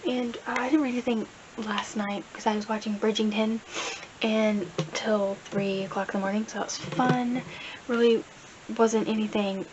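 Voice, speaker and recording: A woman's voice: on the high side, steady tone, normal speed. A young woman rambling casually about her reading in a vlog, full of fillers, recorded on a camera mic. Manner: rambling, chatty, many fillers. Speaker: book vlogger. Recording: dull lo-fi camera audio with faint hiss.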